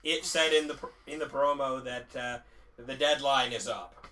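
A man's voice: medium pitch, steady tone, moderate pace, bright, forceful tone, a little hiss or hum. A man co-hosting a casual podcast, chiming in with jokes and quips. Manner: jokey, chimes in with quips. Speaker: podcast co-host. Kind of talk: casual chat.

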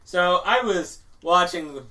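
A man chatting on a podcast among friends, rambling through his points with easy laughter. His voice sits a little high. He is heard from a short distance, not right on the microphone. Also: a little slow, pushed and bright. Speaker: podcast co-host. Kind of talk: casual group chat.

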